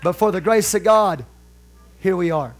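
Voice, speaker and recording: Male pastor, middle-aged, high-pitched, fervent sermon delivery with hammered repetition. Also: normal speed. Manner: fervent, emphatic preaching with repeated phrases.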